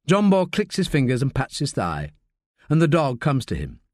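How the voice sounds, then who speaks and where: A man narrating a crime audiobook in an expressive, measured way. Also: medium pitch, no room sound, studio quality.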